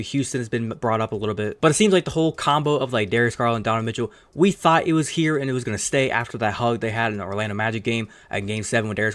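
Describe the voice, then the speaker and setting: A man's voice: mid-range voice, fairly bright tone. A man hosting his own sports channel, giving rambling, opinionated commentary in a casual tone and swearing now and then. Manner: fast rambling opinionated talk with some cursing.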